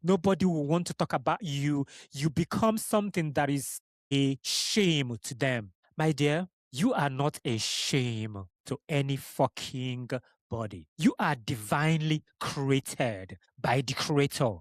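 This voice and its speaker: A man's voice: medium pitch, a little slow, no echo, studio quality. A young adult man from Nigeria, hosting a podcast. He talks straight to the listener in a passionate, blunt solo monologue and swears often. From Igbo region of Nigeria. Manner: emphatic, blunt, frequent swearing, direct address. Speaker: podcast host.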